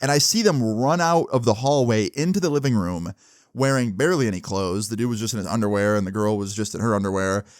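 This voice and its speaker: A man's voice: lowish voice, fast, no echo, clean studio sound. A young man telling a personal story in a casual, chatty way, with lots of fillers and swearing.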